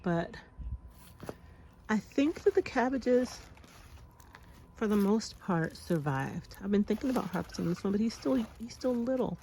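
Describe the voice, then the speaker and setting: A woman's voice: medium pitch, lively intonation, measured pace, long pauses, dark tone, slight background noise. A woman in her thirties walking through her backyard garden and talking to viewers in a chatty, sighing way, calling them y'all. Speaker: homestead vlogger. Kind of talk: casual garden vlog.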